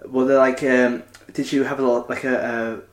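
A man hosting a relaxed interview, his voice of middling pitch. His questions wander and stack up fillers, and the echo of the room trails each phrase. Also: moderate pace. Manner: rambling questions full of fillers. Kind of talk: casual interview chat. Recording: echoey room.

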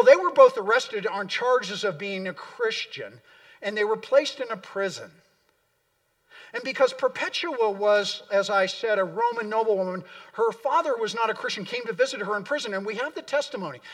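A middle-aged male pastor delivers an earnest sermon in a church, leaning on repeated words for emphasis. His voice sits high for a man. He is picked up from some distance, so the sound is a little remote. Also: fairly bright tone. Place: church sanctuary.

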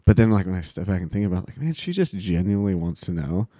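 A man's voice: low-pitched, sing-song, quick pace, dark tone, breathy edge, dry recording, clean studio sound. A man co-hosting a faith podcast, chatting in a laid-back, conversational way. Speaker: podcast co-host. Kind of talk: casual faith talk.

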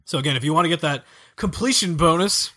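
A man's voice: a little high, sharp tone. A man co-hosting a podcast, casually chatting about a video game in a playful, joking way. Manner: playful, joking, quick to laugh. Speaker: podcast co-host.

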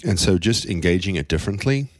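Low-voiced man in a dry studio. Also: animated, quick pace, dry recording. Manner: joking, storytelling with quoted voices. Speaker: podcast co-host. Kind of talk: casual parenting chat.

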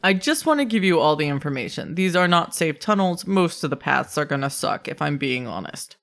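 A man's voice: on the high side, big pitch swings, fairly quick, creaky, a bit bright. A man running a tabletop game as game master, speaking casually, laughing often and swearing now and then.

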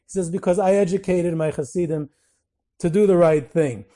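A man giving a storytelling lecture, relating anecdotes and quoting figures with lively emphasis, mixing in Yiddish and Hebrew terms. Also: high voice, normal speed.

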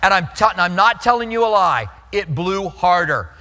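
Bright-voiced preacher in a reverberant hall. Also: male voice, sits high, sing-song, moderate pace, a little hiss or hum. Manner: earnest storytelling, repeats words when starting lines. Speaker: pastor. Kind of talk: sermon. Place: church sanctuary.

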